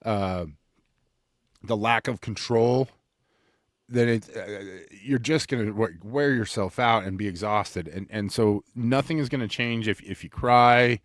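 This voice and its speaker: A man's voice: fairly low pitch, a little slow, dry recording, clean studio sound. A man co-hosting a sports podcast, talking in an earnest, opinionated way that stumbles over restarts and repeated words as he makes his points. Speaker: podcast co-host. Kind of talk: casual sports chat.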